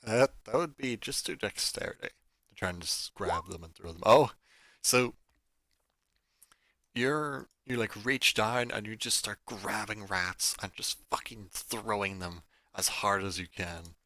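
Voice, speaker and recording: A man's voice: on the low side, unhurried, sharp tone, dry recording. A man running a tabletop game as game master, narrating the action casually and peppering it with "like". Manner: casual, filler-heavy narration with frequent "like".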